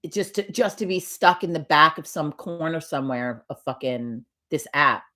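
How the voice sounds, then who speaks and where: A woman's voice: low-pitched, lively intonation, moderate pace, sharp tone. A woman hosting a casual morning livestream, chatting with viewers in a rambling, profane way. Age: older. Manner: chatty and profane, laughs often. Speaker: livestream host.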